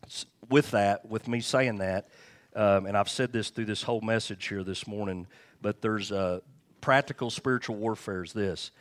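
A pastor preaching a sermon, candid and joking, with chuckled asides to the congregation. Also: male voice, fairly low pitch.

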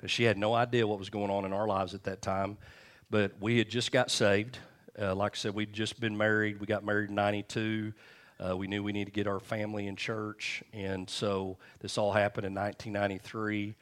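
A man's voice: fairly low pitch, level tone, fairly quick, a bit bright. A man pastor preaching a sermon in a church, telling a personal story in a conversational way before reading scripture.

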